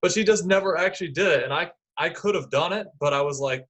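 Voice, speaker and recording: A man's voice: fairly high pitch, quick pace, few pauses, fairly bright tone. A young man guesting on a podcast, telling stories in an easygoing, casual way. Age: young adult. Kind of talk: casual chat.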